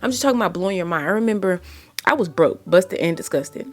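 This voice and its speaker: A woman's voice: on the low side, animated, fast talker. A woman giving faith-based relationship advice in a blunt, impassioned monologue, full of exasperated rhetorical questions.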